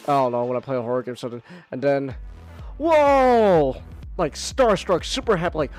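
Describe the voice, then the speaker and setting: A man hosting a live stream, chatting casually in an excitable way, swearing freely and laughing a lot. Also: medium pitch, fast talker, soft background music. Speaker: streamer host.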